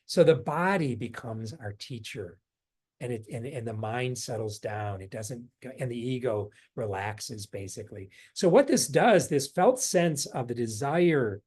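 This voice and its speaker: A man leading a forgiveness workshop indoors, speaking gently with frequent chuckles and meandering asides, then softening into quiet repeated meditation phrases. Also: mid-range voice, expressive, measured pace, slightly rough. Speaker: workshop leader. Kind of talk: guided meditation teaching. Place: a room indoors.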